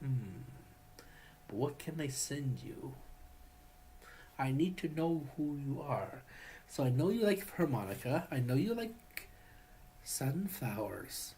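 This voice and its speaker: Man, chatty vlogger, halting, lots of restarts, very lively pitch, warm terms of endearment. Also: a little hiss or hum. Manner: rambling, halting, many restarts; affectionate, addresses partner as honey. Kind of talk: personal video message.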